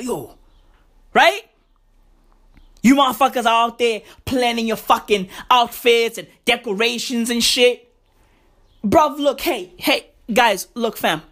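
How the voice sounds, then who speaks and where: A woman's voice: on the high side, a little slow, pauses often, a bit bright. A woman delivering a profane, slangy comic rant to the camera, full of emphatic catchphrases. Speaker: comedian vlogger.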